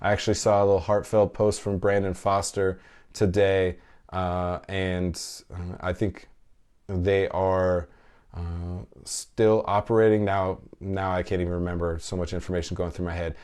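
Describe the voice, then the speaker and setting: Clear and resonant, this man's voice sits low with a slightly mellow, level tone at normal speed. In his thirties, he hosts a podcast, reading listener comments in a casual live chat while speaking candidly, emotionally and profanely.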